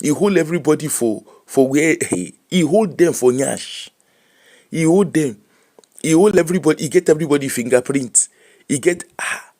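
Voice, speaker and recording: A middle-aged host with a Nigerian Pidgin English accent runs a casual live-stream chat, animated and laughing as he switches between Pidgin and English. His pitch is fairly high and he speaks at normal speed.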